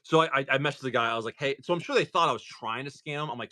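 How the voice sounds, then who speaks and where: A man's voice: mid-range voice, racing, pushed and bright. A man hosting a casual livestream, rambling through stories full of "like" while opening trading cards. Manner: rambling storyteller, lots of "like".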